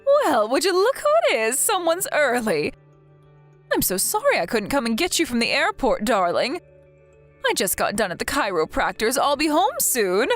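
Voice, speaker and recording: A woman's voice: high voice, very animated, normal speed, faint music behind, voice pushed up. A woman voicing a sugary scheming mother-in-law. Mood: gushing. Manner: sing-song, theatrical sweetness. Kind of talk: text-story voice acting.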